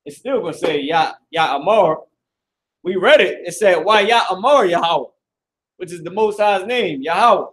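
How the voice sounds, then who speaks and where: A man's voice: high-pitched, lively intonation, moderate pace, a bit bright, a little hiss or hum, poor audio. A man teaching a live class at a board indoors, talking in a loose, slangy, profane way and often repeating himself. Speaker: Hebrew class instructor.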